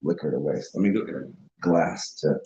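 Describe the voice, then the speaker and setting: A man's voice: a bass voice, normal speed, mellow, muffled recording. A man hosting a casual livestream, rambling, laughing and chatting with viewers over a beer. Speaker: livestream host.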